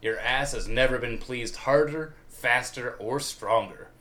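A man's voice: mid-range voice, unhurried, sharp tone. A man doing a blustering jealous inventor. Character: grumpy jealous male inventor neighbor.

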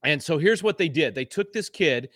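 A man's voice: on the high side, expressive, moderate pace, fairly bright tone, no echo, studio quality. A middle-aged man appearing as a guest, speaking with fervent anger and frequent restarts. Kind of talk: impassioned talk show commentary.

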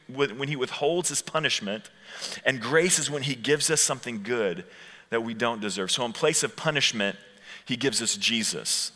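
A man in his thirties gives a chatty sermon to a room of students. He acts out the quotes and slows down to stress the key points. His voice is bright and forceful, and it carries a long reverb through a large hall. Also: mid-range voice. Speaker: youth pastor.

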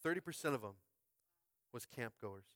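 A man preaches with fervor as the pastor of a small church. He drifts between soft, thoughtful musing and shouted climaxes, calling out to his congregation. His voice sits at a middle pitch and is captured dry and close. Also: animated, moderate pace, no echo. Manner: fervent, swings from quiet musing to shouted climaxes; calls out to the congregation. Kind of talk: sermon. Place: school space used as a church.

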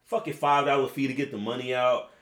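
A man in his twenties, a podcast host, telling a long story in a rambling, profane, animated way. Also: medium pitch, quick pace. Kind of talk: casual storytelling chat. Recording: roomy echo.

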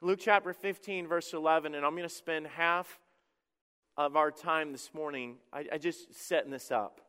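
A middle-aged male pastor preaching from the stage in a church, with a high, smooth, resonant voice. He tells stories in a chatty, self-deprecating way, full of quick restarts. The sound carries a long hall echo. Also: bright, forceful tone. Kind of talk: sermon. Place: church sanctuary.

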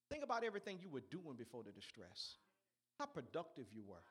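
A man's voice: high-pitched, very animated, moderate pace, breathy edge. A man preaching a sermon in an emphatic, repetitive way, urging his listeners on.

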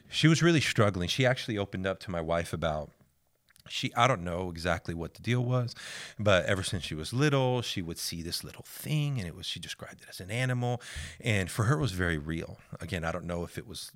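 Deep-voiced guy telling a church story, lively, goes quiet and hushed when quoting people. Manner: animated, drops to a hush for quoted voices. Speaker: guest sharing a ministry story. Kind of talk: casual faith storytelling.

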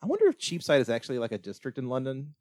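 A man co-hosts a casual film podcast, walking through the plot in a loose, meandering recap. His pitch sits right in the middle of the range, and he leans on "like" and restarts sentences as he goes. The recording is close and completely dry. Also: wildly swooping pitch, very fast, a little mellow, dry recording. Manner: rambling retelling full of "like" and restarts. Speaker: podcast co-host. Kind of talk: casual movie-recap chat.

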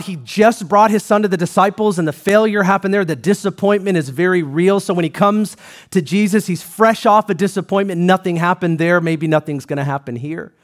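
High-voiced man preaching a sermon. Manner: preaching with rising emphasis and repetition, dropping to quiet asides. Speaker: pastor.

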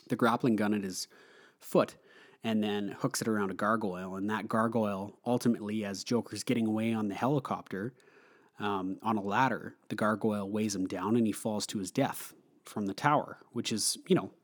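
A man's voice: lowish voice, husky. A young man casually talking through a film review, chatty with frequent fillers and laughter. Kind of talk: casual movie review monologue.

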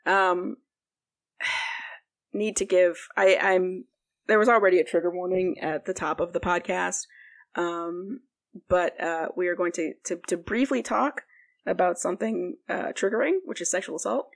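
A woman's voice: fairly low pitch, fairly even intonation, moderate pace, creaky. A young woman co-hosting a podcast, recapping a book in a rambling casual chat full of fillers. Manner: rambling, heavy use of "like", frequent fillers. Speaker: podcast co-host.

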